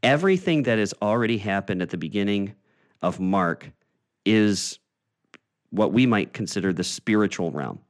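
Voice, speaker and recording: A man teaching a Bible study in a conversational, explaining way, often pausing with "uh" and restarting phrases. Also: on the low side, animated.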